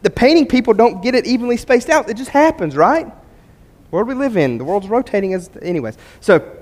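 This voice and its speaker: Male pastor, fairly high voice, conversational sermon, humorous stories, church sanctuary, long hall reverb. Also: big pitch swings, brisk, a little mellow, muffled recording.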